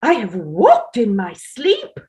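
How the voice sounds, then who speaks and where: A woman's voice: a little high, wildly swooping pitch, slow pace, dark tone, heavily acted. A woman reading the part of an imperious, sleepwalking Tudor queen in a staged play reading, declaiming with haughty command.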